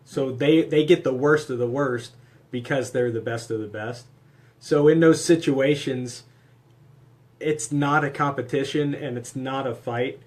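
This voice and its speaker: A man, co-hosting with his wife, giving measured, gentle advice to couples in a candid conversation. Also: medium pitch, steady tone. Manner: measured, gently advising like a counselor. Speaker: husband and co-host.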